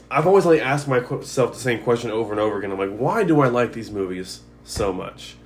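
A young man co-hosting a podcast, joking and rambling with lots of fillers in casual chat. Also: mid-range voice. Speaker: podcast co-host.

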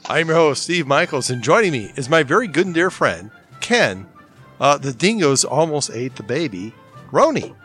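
A man's voice: fairly high pitch, very animated, normal speed, a bit bright, soft background music. Laid-back male podcast host. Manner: laid-back, rambling, chuckles often. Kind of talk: casual podcast chat.

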